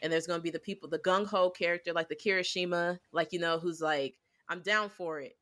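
Bright-voiced woman chatting loosely. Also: fairly low pitch, fast. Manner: rambling with frequent fillers; animated retelling of scenes. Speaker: podcast co-host. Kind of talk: casual anime review chat.

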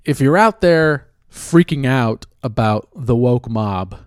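This casual rant comes from a man who is blunt and profane, occasionally stopping to question himself. He speaks slowly at medium pitch with lively intonation, in clean studio sound without echo.

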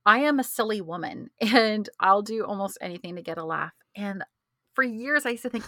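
A middle-aged woman co-hosting a podcast, an animated storyteller who laughs often in casual chat. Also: mid-range voice, normal speed, dry recording, studio quality. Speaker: podcast co-host.

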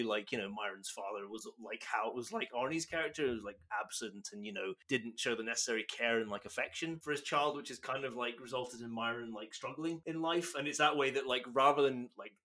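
A man's voice: medium pitch, sharp tone. A man, musing about a film in a casual podcast chat, rambling with many fillers. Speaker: podcast co-host.

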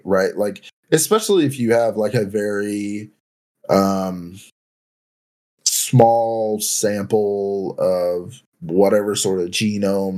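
Young man, lowish voice, hedging chat. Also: a little mellow. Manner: hedging, says "like" and "right?" often. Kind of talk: casual chat.

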